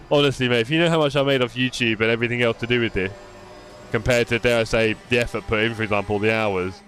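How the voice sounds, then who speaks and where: A man's voice: medium pitch, fairly bright tone. A young man live-streaming a racing game, chatting casually and answering his viewers by name with self-deprecating humor.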